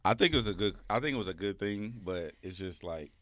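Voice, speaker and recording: A man from Los Angeles co-hosting a podcast, telling animated stories in casual chat. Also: lowish voice, quick pace, dry recording. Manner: animated storyteller, laughs through stories. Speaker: co-host.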